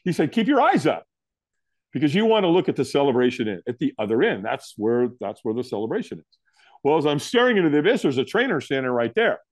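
A middle-aged man, a guest in an interview, tells a story fast and animatedly, acting out what people said to him with big jumps in pitch. The recording is studio quality, with no room sound.

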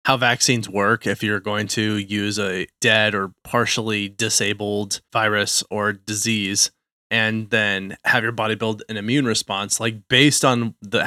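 A man's voice: fairly low pitch, bright, forceful tone, no room sound, clean studio sound. A man from the western United States, co-hosting a podcast, explaining health topics in careful casual talk with frequent restarts. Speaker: podcast co-host.

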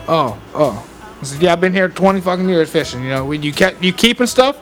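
A man's voice: on the high side, animated, fairly quick, soft background music. A man telling a long, profane story on a podcast, acting out both sides of an argument. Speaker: podcast co-host. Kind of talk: casual storytelling chat.

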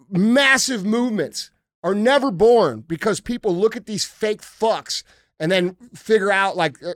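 A man's voice: high-pitched, fairly bright tone, dry recording, clean studio sound. Blunt, profane man ranting on a podcast. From United States. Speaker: podcast host. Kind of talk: casual podcast talk.

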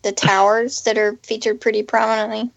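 A woman's voice: a little high, level tone, brisk, vocal fry, no room sound. A woman co-hosting a podcast, chatting casually and hesitantly with plenty of fillers. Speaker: podcast co-host. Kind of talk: casual chat. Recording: dry, dull lo-fi mic.

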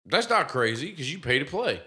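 Lively bright-voiced man recapping a movie. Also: on the high side, brisk. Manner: animated, profane, laughing retelling. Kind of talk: casual movie recap chat.

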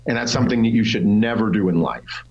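A man's voice: fairly low pitch, fast, darkish tone, muffled recording. A man, a pro bodybuilder, telling his story as the guest in a casual interview, blunt and full of swearing. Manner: blunt and profane, voices others in quotes.

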